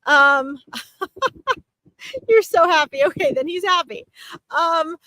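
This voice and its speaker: A woman's voice: sits high, slow, pushed and bright, dry recording, rough recording. A woman working as a psychic medium in a live-streamed reading, talking in a chatty, reassuring way and often checking in with her listener. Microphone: streaming mic.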